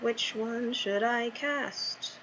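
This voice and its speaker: A young adult woman chatting casually and thinking out loud as she plays a card game. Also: a little high, extremely slow, a little hiss or hum, poor audio. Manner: chatty, thinks aloud while playing. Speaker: streamer. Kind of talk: casual gameplay commentary.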